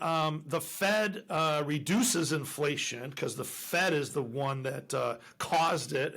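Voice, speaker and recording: A man's voice: on the high side, fairly bright tone. A man hosting a podcast interview, chatty and challenging, with lots of fillers. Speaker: podcast host. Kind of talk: casual interview.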